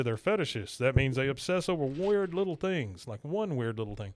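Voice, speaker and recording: A man hosts a casual podcast, recapping a cartoon episode in an easygoing, talkative way. His voice sits at an ordinary middle pitch. It is recorded dry, with no room echo. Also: a little fast, hardly any pauses. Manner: recaps scenes in a relaxed, chatty way and acts out quotes. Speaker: podcast host.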